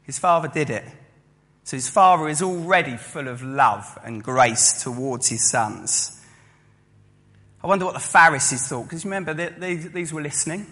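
A man preaching a sermon, telling a story lively and acting out the listeners' voices. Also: a little high, moderate pace. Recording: long hall reverb.

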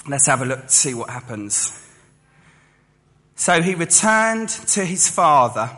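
A man preaching a sermon, telling a story lively and acting out the listeners' voices. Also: a little high. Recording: long hall reverb.

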